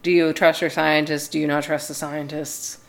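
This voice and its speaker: A woman's voice: deep voice, little pitch movement, normal speed, gravelly. A woman co-hosting a podcast in casual chat, making dry, wry quips and swearing casually. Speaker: podcast co-host.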